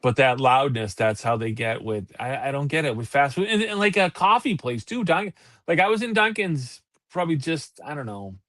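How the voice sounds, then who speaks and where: A man, co-hosting a casual talk show and telling profane, animated stories. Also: mid-range voice, normal speed, dry recording, clean studio sound. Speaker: podcast co-host. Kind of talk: casual chat.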